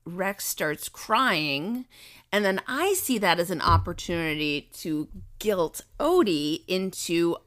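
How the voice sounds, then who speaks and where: A woman in her thirties telling a family story in casual chat, animated and swearing freely as she acts out quotes. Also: fairly low pitch.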